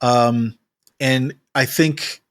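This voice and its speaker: A man's voice: mid-range voice, fairly even intonation, drawn-out words, fairly bright tone. Thoughtful male interview host. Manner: thoughtful, searching for words. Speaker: podcast host. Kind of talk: probing interview questions.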